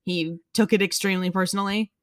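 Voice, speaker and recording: A woman in her twenties chatting casually as a podcast co-host, expressive and quick to laugh. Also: medium pitch, no room sound, studio quality. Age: 20s. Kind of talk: casual chat.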